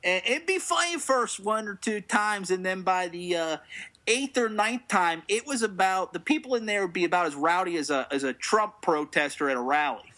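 Bright-voiced deadpan man. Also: high voice, normal speed. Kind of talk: casual comedic banter.

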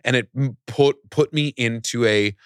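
A man's voice: mid-range voice, moderate pace, smooth, no room sound, clean studio sound. A middle-aged man chatting as a podcast guest, rambling with many restarts and fillers. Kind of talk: casual podcast conversation.

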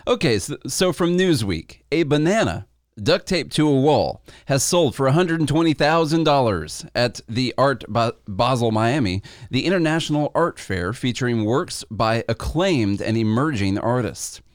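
A man co-hosting a casual news podcast, medium-pitched and easygoing. He laughs easily and trips over unfamiliar names. The recording is dry and close. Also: animated, moderate pace, no echo. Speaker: podcast co-host.

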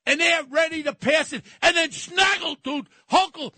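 A man in his seventies ranting angrily on a political talk radio show, often shouting. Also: very high-pitched, normal speed. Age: 70s. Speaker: radio co-host.

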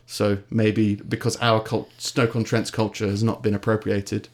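A man's voice: on the low side, level tone, normal speed. An English man co-hosting a podcast in casual chat, sardonic and rambling, often trailing off into mumbles. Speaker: podcast co-host.

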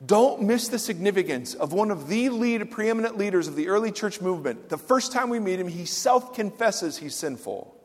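A man pastor delivering a sermon, swinging from loud emphatic lines to hushed, quiet asides. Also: high voice, expressive, normal speed, few pauses, in a large hall.

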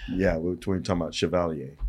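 A man co-hosting a film review podcast in casual chat, chiming in with low-key, dry comic remarks. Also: steady tone, fast talker, a little mellow, breathy edge.

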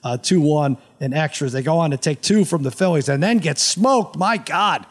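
A man's voice: a little high, lively intonation, normal speed. A man co-hosting a sports podcast, chatting casually and rambling with fillers and restarts. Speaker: podcast co-host.

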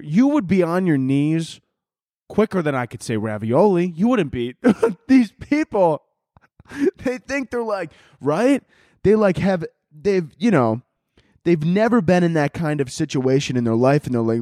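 A man's voice: on the high side, big pitch swings, normal speed, warm tone, dry recording. Profane rambling young man, dry sound. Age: 20s. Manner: profane, rambling, laughs often. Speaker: podcast host. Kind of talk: casual comedic rant.

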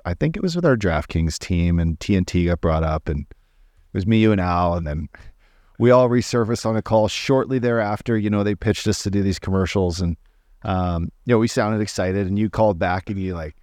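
A man's voice: low-pitched, a little fast, darkish tone, no echo, clean studio sound. Laid-back podcast co-host man. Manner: laid-back, profane, easygoing banter. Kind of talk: casual chat.

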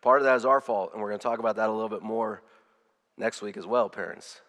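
A man's voice: lowish voice, fast, fairly bright tone, big-room sound. A man preaching a sermon as pastor, earnest, often repeating words and restarting his phrases.

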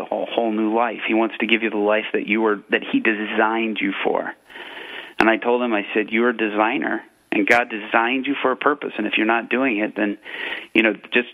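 A man, a pastor and police chaplain, earnestly retelling a conversation as a guest on a radio show, with many fillers and restarts. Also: on the low side. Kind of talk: storytelling testimony on a radio show. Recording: phone line on radio.

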